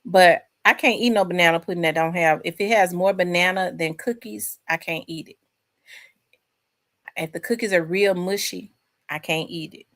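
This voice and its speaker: Woman, low voice, casual rambling chat, talks straight to viewers. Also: normal speed, fairly bright tone. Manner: chatty, rambling, addresses viewers as y'all. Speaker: host.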